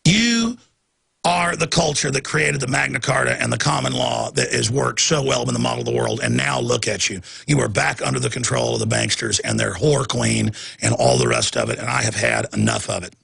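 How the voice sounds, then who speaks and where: A man hosting a talk show, delivering an impassioned political rant with sudden shouted bursts. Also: medium pitch, very animated, a little fast, creaky, breathy edge. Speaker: talk radio host. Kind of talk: ranting political monologue.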